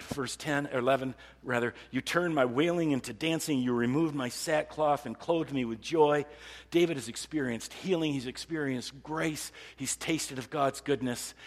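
A man delivering a conversational sermon in a church, acting out the psalmist's pleas with rising emphasis. His voice is slightly husky and sits at a middle pitch. A long hall reverb trails behind every phrase. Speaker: pastor.

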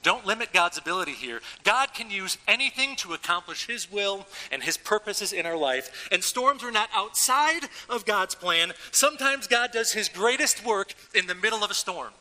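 A man preaching a sermon as a pastor, in a casual, animated way with everyday slang, a father of young children. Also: high-pitched, moderate pace, few pauses, big-room sound, poor audio. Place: church.

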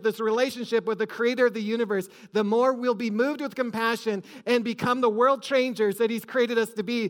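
A man preaching a sermon to his church with rising emphasis, recorded in a large hall. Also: very high-pitched. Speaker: pastor.

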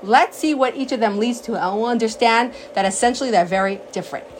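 Animated woman teaching a sacred text. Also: on the high side, fast talker, a little hiss or hum, rough recording. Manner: animated storyteller, acts out quotes. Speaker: Torah teacher.

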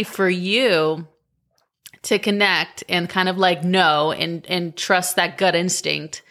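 A woman's voice: on the low side, bright, forceful tone. A woman hosting an interview, reacting with enthusiasm and then reading a prepared explanation. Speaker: podcast host. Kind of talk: interview questions and scripted reading.

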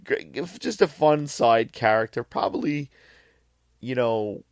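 A man's voice: medium pitch, expressive, measured pace, creaky, no room sound, clean studio sound. A man hosting a podcast, reviewing a film in a loose, rambling monologue full of swearing and restarts. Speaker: podcast host.

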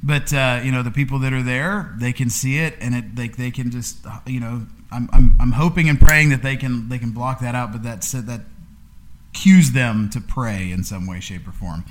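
Casting: thirties male podcast host, mid-pitched, easygoing and rambling. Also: normal speed. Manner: rambling, filler-heavy, warm congratulating. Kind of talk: casual chat.

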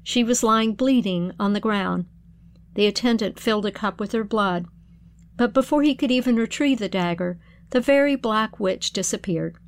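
Her pitch is medium as she narrates an old folk tale in an expressive, carefully paced storytelling voice. Once the story ends, the woman reflects on its significance.

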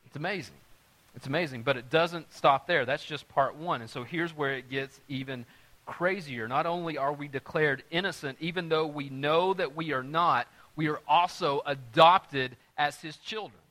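A pastor preaching with a bright, forceful voice set a little high. He moves from hushed, chatty storytelling to loud, driving emphasis as he makes his point. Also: moderate pace. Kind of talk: sermon with storytelling.

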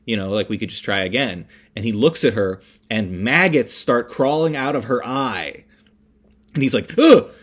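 Podcast dude recapping a movie, rambly, lots of likes and restarts, swears a bunch, mid-pitched voice. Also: male voice, moderate pace, a bit bright. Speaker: podcast host. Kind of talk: casual recap of a film. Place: indoors, construction noise nearby.

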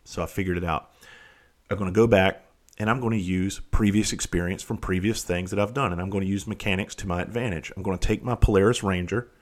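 A man with a fairly low voice tells a casual, swear-filled story. He quotes his own phone calls and gets worked up. The delivery is blunt and direct, like a vent to the camera. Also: steady tone, fast talker. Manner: blunt, profane, heated storytelling with quoted dialogue. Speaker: vlogger.

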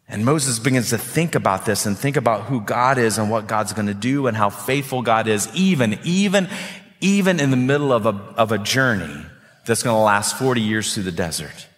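Animated preacher in an echoing hall. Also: male voice, on the low side, moderate pace. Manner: animated preaching, repeats words while building points. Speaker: pastor. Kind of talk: sermon.

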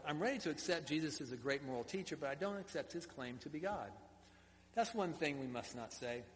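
A man's voice: medium pitch, in a large hall, slight background noise. A man preaching a sermon in a conversational way, with asides to the congregation. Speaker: pastor.

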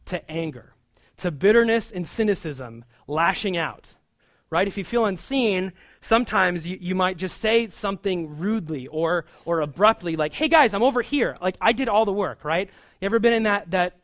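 Male pastor, animated conversational preaching, slightly high voice, dry close sound. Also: no room sound. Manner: animated and chatty, with frequent asides. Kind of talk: conversational sermon.

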